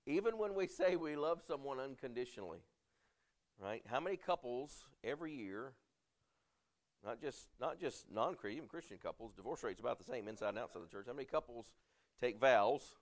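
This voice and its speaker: A man's voice: medium pitch, expressive. Man preaching a conversational sermon. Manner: conversational preaching, asks the audience questions, many fillers and restarts; reads scripture slowly and loudly. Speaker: pastor.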